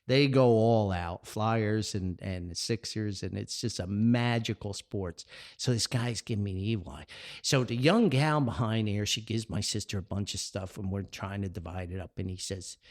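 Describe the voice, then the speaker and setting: An older man from New Jersey, with a North Jersey accent and a fairly low voice touched by vocal fry, hosts a podcast and tells a casual story. He's animated and chuckles along the way, jumping up in pitch whenever he quotes someone.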